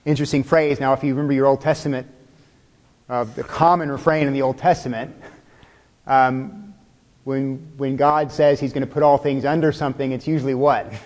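A man's voice: medium pitch, level tone, normal speed, darkish tone, in a large hall. A male pastor preaching a sermon in a conversational way, asking the listeners questions and chuckling now and then.

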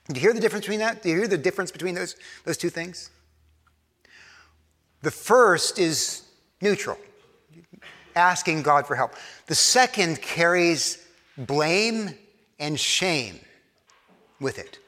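A man's voice: fairly high pitch, lively intonation, unhurried, pauses often, sharp tone. A man preaching a sermon in a conversational way, often repeating words and acting out imagined quotes. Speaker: pastor. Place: church. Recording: long church reverb.

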